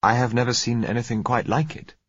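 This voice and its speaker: A man's voice: medium pitch, level tone, brisk, husky, no echo, highs cut off, voice pushed up, natural voice. A male narrator voicing a wary company managing director who speaks in a raised, emphatic way. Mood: impressed.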